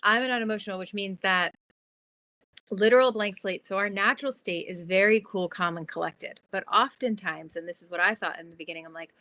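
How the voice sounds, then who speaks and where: A woman guest on an interview podcast, explaining her ideas in a lively, chatty way with lots of "like". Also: medium pitch, brisk. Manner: animated, explanatory, fillers like "like". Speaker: guest, transformation guide.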